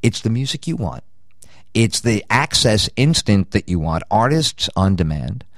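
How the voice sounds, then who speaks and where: A man's voice: lowish voice, big pitch swings, measured pace, fairly bright tone, no room sound, clean studio sound. Rambling jokey older male radio host. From United States. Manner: rambling, jokey, riffs on lists. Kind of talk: rambling promo read.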